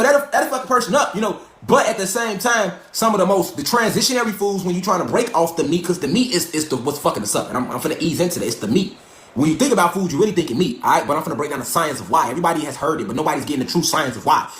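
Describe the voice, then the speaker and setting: A man preaches to his livestream viewers in a profane, mocking rant. His voice sits high and the words tumble out fast. The phone audio carries a roomy echo. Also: a bit bright. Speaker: livestream host.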